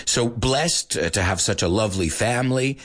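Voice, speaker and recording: Lively American man hosting a show. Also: fairly low pitch, normal speed, slightly rough. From United States. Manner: animated, playful, mixes Spanish in. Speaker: radio show host. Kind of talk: casual chat to Spanish-speaking learners.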